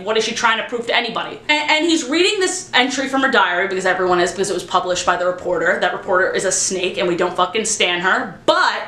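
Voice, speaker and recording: A woman vlogging a casual book review, animated and sarcastic, swearing freely. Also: fairly high pitch. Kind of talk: casual chat. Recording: echoey room.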